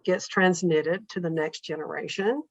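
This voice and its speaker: A woman's voice: on the low side, normal speed, highs cut off. A woman guest on a podcast talking in a thoughtful, reflective way, often acting out her own inner thoughts as little quotes. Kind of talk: reflective conversational interview.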